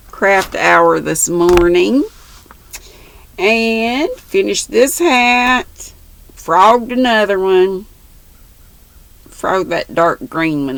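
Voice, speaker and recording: An older woman hosting a crafting channel, reading a novel aloud with unhurried pacing and chatty asides. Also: medium pitch, creaky, low-quality recording.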